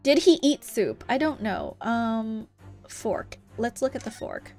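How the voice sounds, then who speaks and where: A woman's voice: a little high, lively intonation, slow pace, a little mellow, faint music behind. A young woman streaming a game, chatting casually and reading the game's dialogue aloud with a giggly manner. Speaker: VTuber streamer. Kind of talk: casual live-stream gameplay chat.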